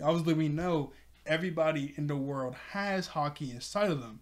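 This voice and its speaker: A man's voice: on the high side, very animated, normal speed. A man recapping an anime episode in a rambling, casual way, chuckling often and leaning on fillers. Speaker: anime review host.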